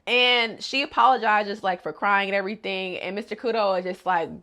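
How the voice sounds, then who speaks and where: A woman casually recapping a cartoon episode, animated and slangy, who reacts loudly to the story. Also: medium pitch, moderate pace. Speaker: video host.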